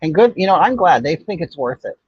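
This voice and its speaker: Answering comments from viewers, this older livestream host gossips with blunt sass in a casual chat. His husky voice is on the high side, a little fast, with big pitch swings, recorded as dull, muffled dry audio.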